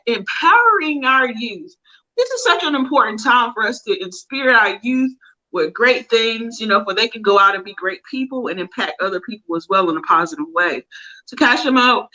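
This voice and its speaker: Bright, upbeat woman host. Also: fairly high pitch, normal speed, dull audio. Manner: upbeat, reads out viewer comments. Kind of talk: live online interview.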